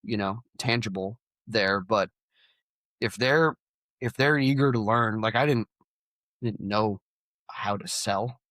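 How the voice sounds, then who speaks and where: A man's voice: lowish voice, slow pace, long pauses, fairly bright tone, no echo. A man speaking as a podcast guest in a casual, plain-spoken way, with many restarts. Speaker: guest, sales company leader. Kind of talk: podcast interview.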